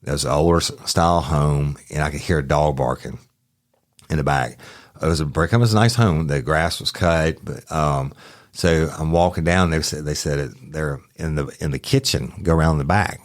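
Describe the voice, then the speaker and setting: Very deep-voiced man telling a crime story. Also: moderate pace, no echo, clean studio sound. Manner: rambling, profane, self-correcting. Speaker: podcast host, former police officer.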